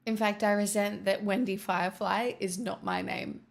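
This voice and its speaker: A woman's voice: medium pitch, fairly even intonation, normal speed, vocal fry. A woman, chatting casually on a live stream, reading out viewer donations and answering them in a wry, sardonic way. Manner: wry and sardonic, peppered with "right?" and "truly".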